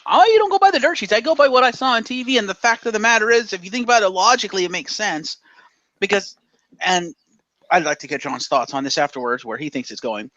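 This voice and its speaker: A man co-hosting a casual podcast, animated and opinionated, acting out quotes and swearing as he argues his points. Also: high-pitched, fast, no room sound. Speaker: podcast co-host.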